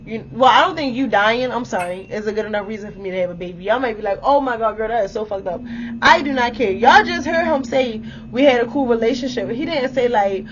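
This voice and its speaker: A young woman vlogger telling a story to her viewers in a blunt, animated way, swearing freely and speaking to them directly. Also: fairly high pitch, fast, hardly any pauses, dull audio, a little hiss or hum. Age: young adult.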